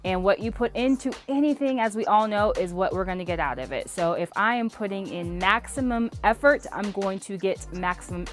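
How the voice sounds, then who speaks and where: A woman in her thirties, a former softball player, telling a lively motivational story to camera. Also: mid-range voice, fairly quick, hardly any pauses, faint music behind.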